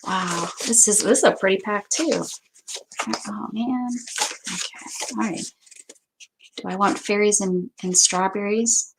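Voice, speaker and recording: A woman's voice: mid-range voice, unhurried, long pauses. A woman hosting a crafting video, chatting casually to viewers and thinking aloud as she sorts paper. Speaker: craft channel host. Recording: noticeable background noise.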